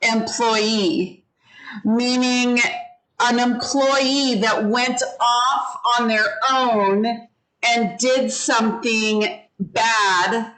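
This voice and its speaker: A woman's voice: medium pitch, fairly bright tone, poor audio. A woman teaching an English vocabulary lesson, patiently walking the class through word meanings and having them repeat each word after her. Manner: slow, patient, leads the class in repeating words. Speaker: ESL teacher.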